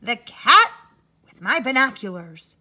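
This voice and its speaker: A woman's voice: high-pitched, big pitch swings, measured pace, bright, forceful tone, heavily acted. Woman doing a flustered, breathless piano teacher. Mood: urgent. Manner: urgent, out of breath.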